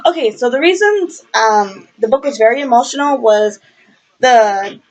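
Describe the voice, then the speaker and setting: A woman's voice: a little high, lively intonation, moderate pace. Gushing young woman on lo-fi audio. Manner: gushing, rambling, lots of fillers; passionate, swears casually. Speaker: book reviewer. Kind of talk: casual book review vlog. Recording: lo-fi webcam audio.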